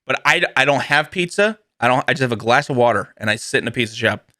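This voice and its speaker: A man's voice: medium pitch, animated, fast, bright, forceful tone, no room sound, studio quality. A young man hosting a podcast in casual comedic chat, goofy and laughing a lot, slipping into silly put-on voices. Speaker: podcast host.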